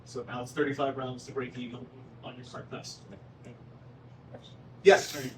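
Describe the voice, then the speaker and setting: A man's voice: mid-range voice, little pitch movement, normal speed, a little mellow. A man running a golf club town hall meeting, explaining prices casually and joking with the crowd, often adding "right?". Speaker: golf course manager presenting at a town hall. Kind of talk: town hall presentation with questions. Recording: roomy, distant mic with faint background noise.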